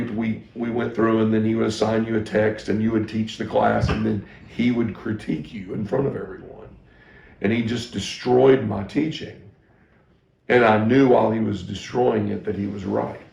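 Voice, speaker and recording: Gravelly middle-aged pastor in an echoey room. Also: male voice, mid-range voice, darkish tone. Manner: candid, self-deprecating storytelling with frequent restarts. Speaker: pastor and teacher. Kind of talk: personal teaching talk to ministry staff.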